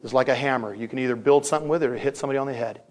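Speaking very fast in a mid-range voice, a male pastor delivers a sermon like a lively story. He acts out voices and repeats phrases to drive points home.

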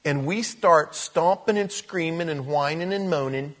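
An older pastor with a fairly high-pitched voice preaches a sermon in church at a measured pace. He's animated, telling stories and joking with the congregation.

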